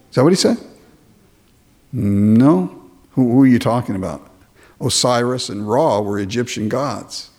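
A man preaching a sermon, animated, mocking imagined complainers in put-on voices. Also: mid-range voice, a little slow, long pauses, husky. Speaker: pastor.

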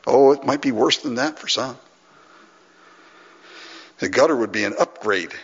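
A man delivers a sermon in a casual, conversational way, often restarting phrases and checking in with the congregation. His voice is a little husky. The sound is lo-fi, with a long hall reverb behind it. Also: mid-range voice, lively intonation, measured pace. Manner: conversational preaching with repeated restarts and asides to the congregation. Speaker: pastor.

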